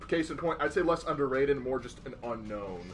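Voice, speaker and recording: A man's voice: mid-range voice, lively intonation, a little fast, faint music behind. A man co-hosting a game stream, reading chat and teasing in casual talk. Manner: jokey, teasing.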